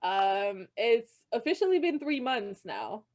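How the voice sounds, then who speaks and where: A woman's voice: a little high, sing-song, unhurried. A woman co-hosting a podcast in casual chat, giggly and a little rambling. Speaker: podcast co-host. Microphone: video call.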